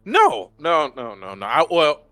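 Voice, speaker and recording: A man's voice: a little high, wildly swooping pitch, unhurried, bright, forceful tone, no echo, faint music behind. A man co-hosting a casual TV review podcast, laid-back, giving short agreeing replies and chuckling asides. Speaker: co-host of a TV review show.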